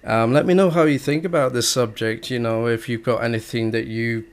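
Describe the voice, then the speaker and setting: A man's voice: mid-range voice, steady tone, fairly quick. A young man, hosting a gaming vlog, talking in a hesitant, rambling way full of fillers and restarts. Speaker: gaming video host. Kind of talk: casual rambling commentary.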